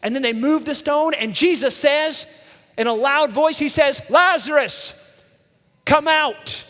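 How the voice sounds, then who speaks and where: Very high-voiced man preaching to kids. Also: normal speed. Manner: energetic, calls out for audience responses. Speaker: children's minister. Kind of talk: lively Bible storytelling for children. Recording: long reverb from a large hall.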